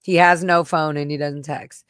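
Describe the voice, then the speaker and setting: Blunt, emotional woman livestreaming, low voice. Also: fairly even intonation, normal speed, fairly bright tone, clear, resonant tone, no echo, studio quality. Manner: emotional, blunt, swears, reads messages aloud and reacts. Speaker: livestream host. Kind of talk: candid personal livestream talk.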